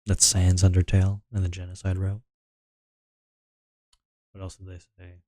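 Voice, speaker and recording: Male streamer, casual rambling chat, very low flat voice, dry close sound. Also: moderate pace, no room sound. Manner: meandering, mumbling, trailing off.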